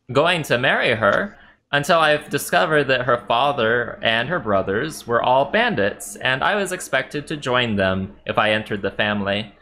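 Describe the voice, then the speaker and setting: A man voicing a frightened young man buried up to his head, speaking with a weak voice in halting, hesitant bursts. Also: medium pitch, pushed and bright, a little hiss or hum, full character voice.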